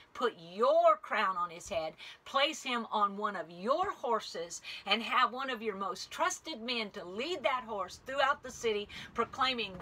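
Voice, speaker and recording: A woman's voice: on the high side, bright, forceful tone, full character voice, low-quality recording. A woman voicing an arrogant, scheming royal official who speaks in a smug, self-satisfied way.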